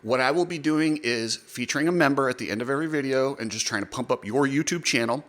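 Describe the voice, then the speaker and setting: A man's voice: mid-range voice, fast talker, a bit bright. A man hosting a motocross channel, giving blunt, opinionated and jokey commentary straight to camera.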